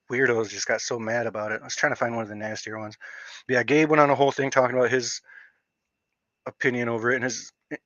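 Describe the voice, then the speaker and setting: A man's voice: medium pitch, sharp tone, no echo, dull audio. A man with a slight stutter hosting a casual livestream rant, rambling through thoughts with lots of fillers and restarts. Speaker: livestream host.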